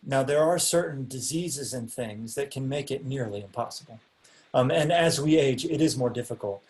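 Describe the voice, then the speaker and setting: A young man teaching an online class from his home setup. He talks loosely and hesitantly, restarting sentences and leaning on filler words, at an ordinary pitch. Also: moderate pace, a little mellow. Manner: hesitant, many ums and restarts. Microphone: video call.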